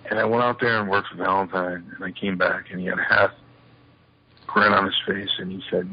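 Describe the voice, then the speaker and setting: A husky, low-voiced man speaks briskly as an interview guest, telling stories in a shoot interview and animatedly acting out the quoted dialogue. The interview audio is lo-fi and slightly muffled.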